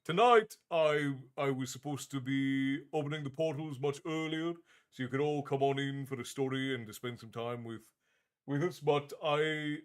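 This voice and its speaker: Man, livestream host, tavern-keeper persona, casual chat, friendly, stumbling restarts, medium pitch. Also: normal speed. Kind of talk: casual livestream chat, reading viewer comments aloud.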